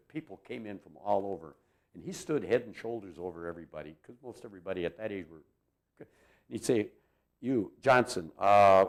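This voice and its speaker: A man in his eighties from Minnesota, reminiscing in a rambling, chuckling way full of fillers. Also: low voice. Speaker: interviewee. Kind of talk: reminiscing storytelling.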